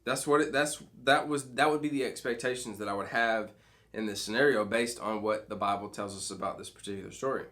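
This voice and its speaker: Casual youth pastor with a lowish voice. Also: male voice, a little fast, a bit bright. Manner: conversational, keeps checking in with "okay?" and "right?"; frequent restarts and fillers. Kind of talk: midweek devotional teaching to students.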